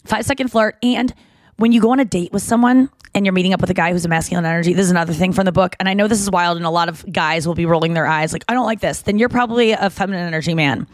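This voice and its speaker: A fairly low-pitched woman talks very fast, recorded with no room sound. As a young podcast co-host in casual conversation, she tells crude, candid stories and acts out what others said.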